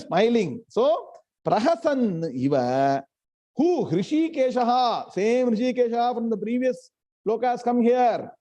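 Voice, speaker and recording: A man teaching a live scripture class, chanting verses slowly and questioning his students. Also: very high-pitched, mellow. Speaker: Gita teacher.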